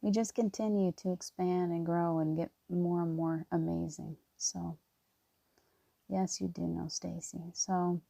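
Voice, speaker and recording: Woman, low flat voice, dry close sound, casual spiritual talk, tearful and encouraging. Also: measured pace, gravelly, no room sound. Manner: rambling, with many restarts. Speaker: spiritual reader.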